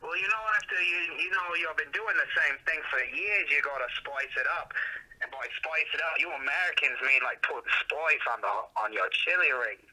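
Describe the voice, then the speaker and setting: A man's voice: fairly high pitch, a little fast, pushed and bright, poor audio. A man voicing a brash, rambling Australian bushman in a put-on Australian accent, drawling slang and calling everyone mate. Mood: laid-back. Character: brash loud-mouthed Australian bushman, adult male. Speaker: guest character. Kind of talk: improvised comedy bit.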